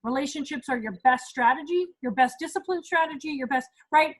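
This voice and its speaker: Brisk and high-voiced, this parenting group leader is a woman in her thirties running an informal talk. She chats away and performs small quotes along the way, captured on a low-quality recording.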